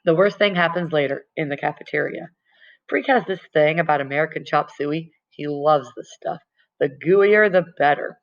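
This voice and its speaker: A woman's voice: low-pitched, moderate pace. A woman reading a novel aloud in plain first-person storytelling, stumbling now and then. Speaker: audiobook reader. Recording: dull lo-fi recording.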